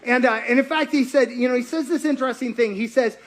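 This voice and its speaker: Animated high-voiced male preacher. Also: fast talker. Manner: acts out quotes in character voices, lively and conversational. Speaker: pastor. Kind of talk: animated sermon storytelling.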